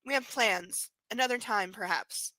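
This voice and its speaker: A woman's voice: medium pitch, normal speed, bright, forceful tone, no echo, natural voice, rough recording. Woman reading as a possessive rich man.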